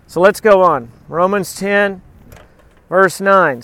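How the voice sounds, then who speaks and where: High-voiced, lively middle-aged male preacher. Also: slow pace. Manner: animated preaching with joking asides. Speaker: pastor. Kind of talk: sermon with scripture reading.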